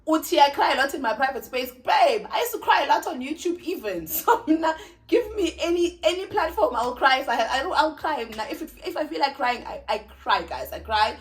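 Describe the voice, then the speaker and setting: A woman's voice: high voice, animated, fairly quick. A young South African woman with a South African accent, chatting casually and emotionally to camera as a vlogger, laughing often. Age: young adult.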